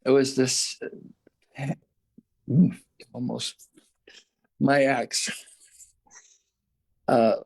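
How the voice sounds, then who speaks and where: A man as an interview guest, earnestly recounting a personal experience, halting and restarting often. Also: medium pitch, little pitch movement, gravelly.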